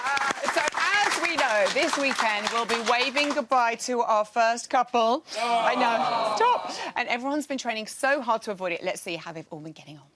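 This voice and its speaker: A bubbly woman hosts a television chat segment, her voice sitting a little high. She gushes over her guests and laughs easily, and steady background noise sits under the recording. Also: moderate pace, few pauses, over a noisy crowd. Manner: bubbly, gushing, laughs often. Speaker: presenter.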